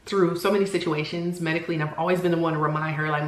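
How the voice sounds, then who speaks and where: A woman in her forties who talks candidly and earnestly in a personal vlog, often pausing to search for words. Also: sits low, fairly even intonation, roomy sound. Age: 40s. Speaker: vlogger.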